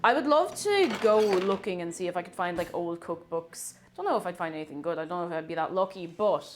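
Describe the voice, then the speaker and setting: In her home kitchen, an Irish woman bakes on a live stream, greeting viewers by name and casually repeating herself. Her fairly low voice is animated and slightly fast, over a noisy background that includes faint music from her phone.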